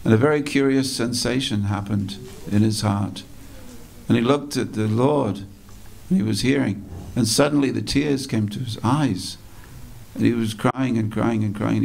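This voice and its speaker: A man giving a storytelling sermon at a temple, slow and dramatic, repeating phrases for effect. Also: medium pitch, creaky, darkish tone. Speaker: speaker at a temple festival. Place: temple hall.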